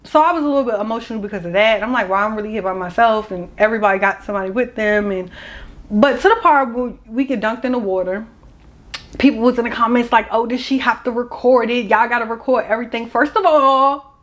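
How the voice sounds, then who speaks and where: A woman's voice: fairly high pitch, quick pace, a bit bright. Candid young woman vlogging. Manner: candid, emotional, colloquial. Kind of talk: casual storytelling vlog.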